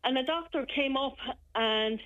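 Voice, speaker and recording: An Irish woman phoning in, telling a frightening personal account in a halting, shaken way with many restarts. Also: high-pitched, a bit bright. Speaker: caller. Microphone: telephone. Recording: muffled telephone line.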